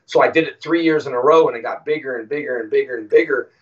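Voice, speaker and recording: A man as an interview guest, telling stories casually and acting out quoted lines with animated voices. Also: mid-range voice, fast. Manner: animated, acts out quoted dialogue. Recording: distant, muffled audio.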